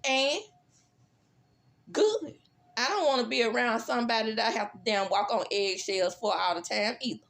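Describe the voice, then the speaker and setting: A woman's voice: on the high side, moderate pace. Sassy woman recapping reality TV. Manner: sassy, blunt, animated reactions with cussing. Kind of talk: casual recap commentary.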